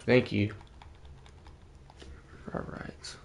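A man's voice: drawn-out words, a little hiss or hum. A man streaming a video game, chatting casually and in slang with his viewers and jokingly scolding them. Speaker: gaming streamer. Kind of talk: casual live-stream chat while playing.

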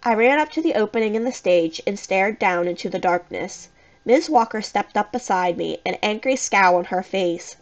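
A woman narrating a children's scary story in the first person, with an expressive, suspenseful reading. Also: mid-range voice, moderate pace, dull audio. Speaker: audiobook reader.

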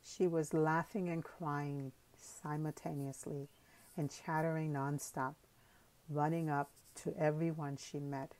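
A woman narrating a story for an audiobook in a calm, measured way. Her voice sits low in pitch. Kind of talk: scripted narration.

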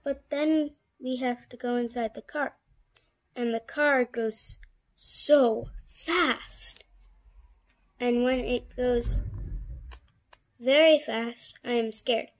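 A woman's voice: a little high, fairly even intonation, takes it slowly, pauses often. A woman voicing a timid, worried mother cat in a picture book, reading anxiously.

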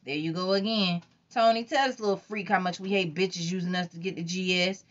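A woman's voice: on the low side, steady tone, fairly quick, voice pushed up, natural voice. A woman voicing a crude, cocky young man on tour in an audiobook reading, teasing and suspicious, on a dull lo-fi recording.

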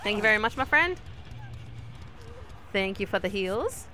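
Bright-voiced woman chatting over a game. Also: medium pitch, moderate pace, pauses often, slight background noise. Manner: chatty, talks to teammates and the killer, sudden excited yelps. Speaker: gaming streamer. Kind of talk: casual gameplay commentary.

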